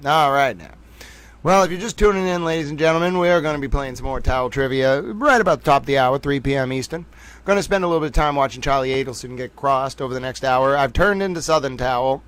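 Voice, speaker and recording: A man hosting a casual live stream, joking loudly with his chat and drawing out playful asides. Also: medium pitch. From United States. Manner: jokey, loud, drawn-out playful asides. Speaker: livestream host. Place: home studio in Boston.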